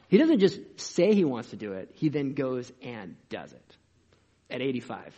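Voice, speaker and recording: A male pastor delivers a sermon with a husky voice at a middle pitch. He talks in an energetic, conversational way, full of rhetorical questions. The recording is dull and lo-fi. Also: normal speed.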